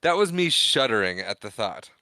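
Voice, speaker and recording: A man's voice: mid-range voice, big pitch swings, moderate pace, bright, forceful tone, no room sound. A man co-hosting a podcast in casual chat who mostly reacts in short, dry remarks. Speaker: podcast co-host.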